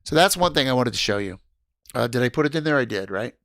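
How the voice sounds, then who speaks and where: A man chats on his home livestream in a loud, excitable way, swearing and laughing often. His voice sits at an ordinary middle pitch. The sound is dry and close, with no room echo. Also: fast. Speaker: livestream host. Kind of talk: casual livestream chat.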